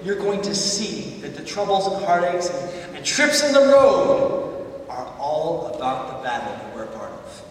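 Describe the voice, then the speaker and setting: A high-pitched man delivers a sermon, building his stories into loud, emphatic peaks. He sounds far from the microphone in a church sanctuary with a long, ringing reverb and a faint hum behind him. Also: a little slow. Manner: animated storytelling, rising to loud emphatic peaks. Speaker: visiting preacher. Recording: echoey church hall, far from mic.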